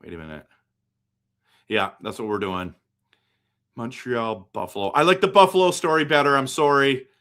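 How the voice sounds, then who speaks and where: A man from western Canada hosts a loose, chatty hockey live stream. He thinks out loud, second-guesses himself and replies to viewer comments. His voice sits at an ordinary, middle pitch. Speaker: hockey livestream host. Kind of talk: casual live-stream chat.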